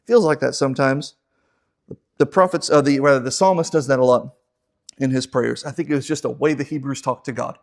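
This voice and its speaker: A man's voice: medium pitch, brisk, gravelly. A man teaching a casual Bible class in a church, joking and acting out the people he quotes. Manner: joking, acts out quoted voices.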